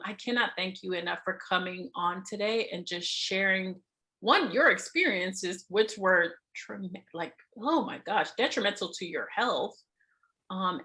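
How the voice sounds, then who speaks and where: A bright-voiced woman hosting a casual podcast interview. She talks in an animated, expressive way, often laughing mid-sentence and swearing freely. Her tone is lively and conversational. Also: on the low side. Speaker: podcast host.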